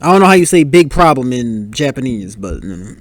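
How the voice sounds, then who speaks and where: A man's voice: mid-range voice, sing-song, brisk. A man hosting a podcast, talking casually over a film, exclaiming and joking at the characters as scenes play. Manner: exclaims and reacts aloud to scenes. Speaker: podcast host. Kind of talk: casual movie commentary.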